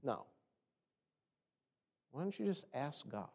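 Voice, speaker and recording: A man's voice: mid-range voice, sing-song, slow pace, creaky, darkish tone, big-room sound. A man preaching a sermon in a conversational way, asking rhetorical questions and acting out the complaints he quotes. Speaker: pastor.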